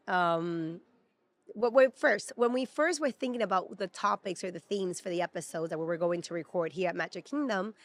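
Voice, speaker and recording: A woman in her thirties from Peru, a native Spanish speaker, co-hosting a casual chat and talking emotionally with lots of fillers. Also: mid-range voice. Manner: chatty and emotional, many fillers. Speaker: podcast co-host. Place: at a theme park.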